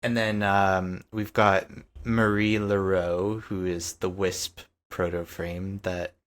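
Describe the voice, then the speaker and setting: A man's voice: low-pitched, little pitch movement, takes it slowly, fairly bright tone. A man co-hosting a gaming podcast in casual chat, hesitant with many fillers. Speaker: podcast co-host.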